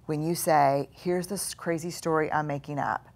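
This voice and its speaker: A woman speaking as a guest in a live conversation, earnest and reflective, often dropping to soft, quiet tones. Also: low-pitched, steady tone, normal speed. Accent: Texan.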